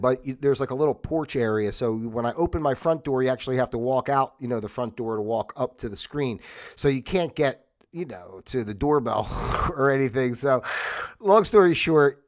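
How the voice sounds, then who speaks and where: A middle-aged man from New Jersey hosting a livestream, telling a rambling story with lots of fillers and some mild swearing. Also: mid-range voice. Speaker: livestream host. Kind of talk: casual livestream monologue.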